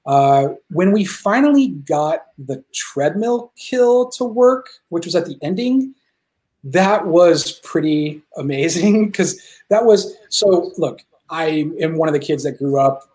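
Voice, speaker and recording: A man talking as a guest filmmaker in a casual interview, excited and rambling, swearing freely as he tells stories. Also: on the high side, slow.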